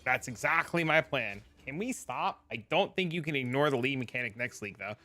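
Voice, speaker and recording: A man streaming a game, chatting casually with viewers, profane and animated when telling a story. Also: mid-range voice, fairly quick, soft background music. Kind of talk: casual chat.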